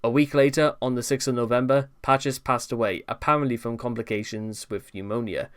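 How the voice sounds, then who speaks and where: A man with a smooth, resonant voice narrates a commentary video from his notes, often stumbling into restarts. His asides turn exasperated, and his pitch sits in the middle range for a man. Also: fairly even intonation, brisk, a bit bright. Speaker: commentary channel host.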